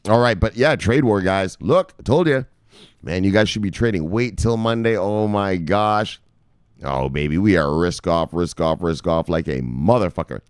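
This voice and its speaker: A man's voice: low-pitched, lively intonation, normal speed, smooth, no room sound, studio quality. A man hosting crypto news, ranting with casual profanity and lots of fillers. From United States.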